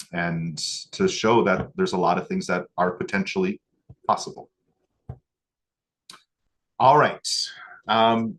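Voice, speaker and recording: Speaking in a low register, a man teaching acupuncture tells the class a personal story from his training that leaves him choked up. His delivery is emotional, with fillers, pauses, and restarts, until he steers back to needling technique.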